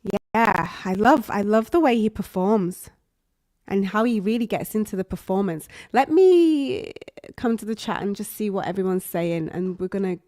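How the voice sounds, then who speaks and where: A woman vocal coach reacting live on stream, soft-spoken and admiring, thinking aloud with fillers. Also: medium pitch, expressive, moderate pace, no echo. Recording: dry close mic with faint music behind.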